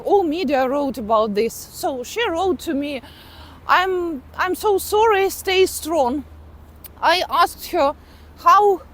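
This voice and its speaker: Slow, high-voiced Ukrainian woman. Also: a bit bright. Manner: earnest, halting, with frequent pauses and sighs. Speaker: vlogger. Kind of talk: personal storytelling to camera.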